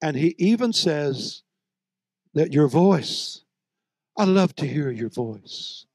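A man preaching a sermon, moving between soft, low storytelling and loud, shouted exhortation. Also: sing-song, slow, no echo, studio quality.

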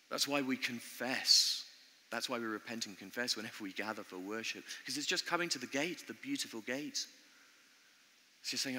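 A man preaching a sermon in an earnest, conversational way, pausing often as he speaks in a church. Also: lowish voice, bright, forceful tone. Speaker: pastor. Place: church building. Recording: long church reverb.

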